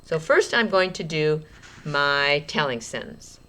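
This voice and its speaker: A woman teacher giving a slow, clear writing lesson to young children, speaking in an encouraging way. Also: low-pitched, animated, sharp tone.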